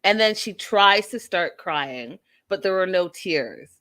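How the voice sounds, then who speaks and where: A woman's voice: lowish voice, expressive, slow pace, sharp tone. A woman hosting a casual reality TV recap, sassy and blunt with an exasperated edge. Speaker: podcast host.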